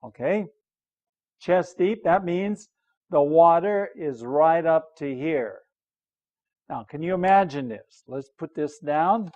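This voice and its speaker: Older American male teacher, very slow and patient, repeats and checks in, dull lo-fi sound. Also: on the high side, animated, darkish tone. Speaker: English teacher. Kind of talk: slow explanatory lesson, reading a story aloud.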